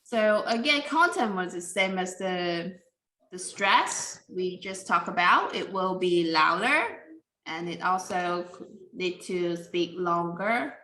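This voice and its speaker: A woman teaching English pronunciation in a careful, deliberate way, with simple non-native grammar. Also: on the low side, lively intonation, sharp tone, reverberant, a little hiss or hum, rough recording. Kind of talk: slow classroom explanation.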